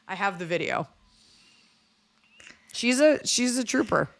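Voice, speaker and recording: A woman hosting a comedy podcast, telling stories in animated casual chat and slipping into voices. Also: medium pitch, takes it slowly, creaky. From lives in Los Angeles. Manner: animated storyteller, jumps into voices mid-story. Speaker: podcast host.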